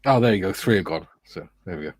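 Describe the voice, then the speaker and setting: A husky man with a phlegmy chest from a recent flu reads viewer comments aloud on a livestream. His voice rises and falls a lot as he chats and laughs. The sound is dry and close. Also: low-pitched, animated, quick pace, no echo. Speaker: co-host reading viewer chat. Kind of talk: casual chat on a livestream.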